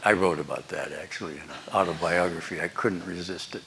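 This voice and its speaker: Older man telling wry stories, very deep. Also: steady tone, a little fast, vocal fry, heavy background noise. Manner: wry, chuckling storyteller. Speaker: guest lecturer. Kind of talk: storytelling lecture. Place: lecture hall before an audience.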